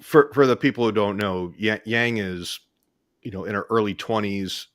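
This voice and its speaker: A man's voice: on the low side, moderate pace, dry recording. A man co-hosting a casual video-call chat, telling stories with many restarts. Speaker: co-host.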